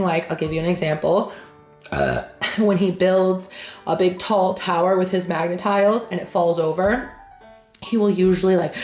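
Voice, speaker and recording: A woman hosting a reaction channel who reads aloud and tells stories casually, frank and animated, acting out the people she quotes. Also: fairly low pitch. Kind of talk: reading aloud then casual storytelling. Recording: echoey room with faint music.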